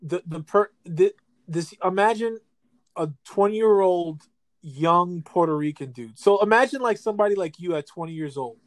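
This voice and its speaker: A young man hosts the talk and tells a story with animated restarts. His voice sits fairly high for a man. The sound is dry and close. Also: normal speed, no echo. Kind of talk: casual storytelling chat.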